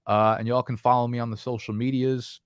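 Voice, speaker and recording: A man's voice: mid-range voice, flat delivery, brisk, smooth, no room sound, clean studio sound. A man with a New Jersey or New York accent hosting a fantasy football live stream, talking casually in a profane, emphatic, rambling way.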